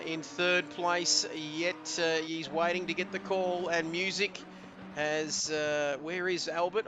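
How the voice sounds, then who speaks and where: A man giving excitable live commentary on a sim race, with frequent "uh" fillers. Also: on the high side, noisy background. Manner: excitable, hesitant fillers, building to shouts at the finish.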